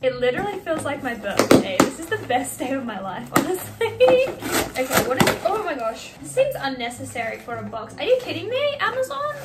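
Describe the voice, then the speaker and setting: Giddy high-voiced young woman vlogger. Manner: giddy, laughing, gushing. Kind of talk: excited unboxing vlog.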